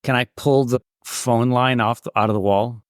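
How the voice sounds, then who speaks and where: A man's voice: mid-range voice, steady tone, normal speed, clear, resonant tone, no room sound, studio quality. A man playing a tabletop game, speaking in character in a defiant, cocky way. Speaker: player.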